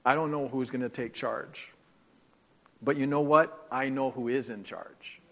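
A man preaching a sermon as pastor, telling stories with animation and dropping into soft, earnest tones. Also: medium pitch, fairly even intonation, unhurried.

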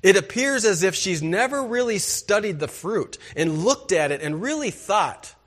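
A man's fairly high-pitched voice delivers a sermon as pastor. He speaks emphatically and keeps putting rhetorical questions to his listeners. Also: animated, normal speed, fairly bright tone.

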